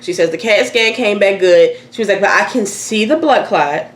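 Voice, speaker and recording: A woman's voice: mid-range voice, normal speed. Candid woman telling a story. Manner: candid, animated, swears freely. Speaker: host. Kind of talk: casual storytelling chat. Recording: echoey room, faint noise.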